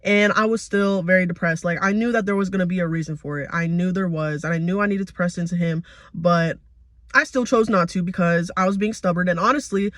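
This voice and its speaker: A man's voice: sits high, fairly quick, a bit bright, no room sound. A young man around twenty giving a casual, heartfelt personal faith testimony in a confessional way. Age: young adult. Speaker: vlogger.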